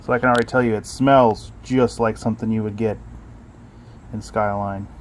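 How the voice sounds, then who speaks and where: A man hosting a casual barbecue cooking vlog, filming outdoors by his smoker on a phone in a relaxed, upbeat, plainspoken way. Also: on the low side, normal speed. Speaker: barbecue channel host. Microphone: phone camera. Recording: noisy outdoor phone recording.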